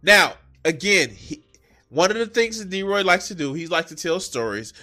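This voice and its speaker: A man mocking a clip in a profane, animated reaction commentary, cursing and laughing at the speaker. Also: high-pitched, moderate pace. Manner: mocking, animated, swears heavily.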